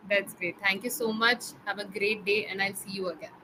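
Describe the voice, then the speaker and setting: A woman's voice: mid-range voice, steady tone, normal speed, background noise. A woman tutoring English online, patiently correcting pronunciation word by word.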